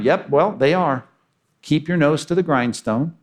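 A man preaching a sermon in an animated way. His voice sits at a medium pitch, and he rises and drops sharply as he acts out the people he quotes. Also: moderate pace. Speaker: pastor.

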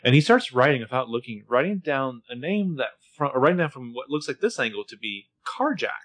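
A man's voice: medium pitch, big pitch swings, a little fast, fairly bright tone. A man co-hosting a casual TV recap podcast, chatty and joking. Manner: chatty, with playful jokes. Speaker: podcast co-host.

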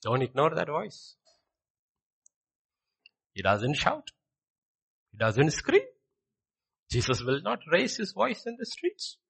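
A man's voice: fairly high pitch, wildly swooping pitch, takes it slowly, gravelly, long pauses, a bit bright, husky. A man preaching a sermon in a dramatic way, acting out scripture scenes as he goes.

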